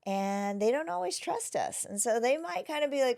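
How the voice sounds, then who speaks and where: A woman who is a wellness practitioner, talking gently and reflectively as an interview guest, often dropping to a soft near-whisper. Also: high voice, lively intonation, moderate pace, creaky, few pauses. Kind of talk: casual interview conversation.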